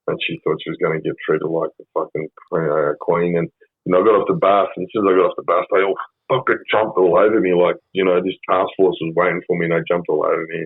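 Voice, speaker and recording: Husky low-voiced Australian man, rambling. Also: little pitch movement, quick pace, dry recording. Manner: rambling, profane, frequent ums. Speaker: podcast guest. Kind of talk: casual storytelling interview. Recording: phone-like band-limited sound.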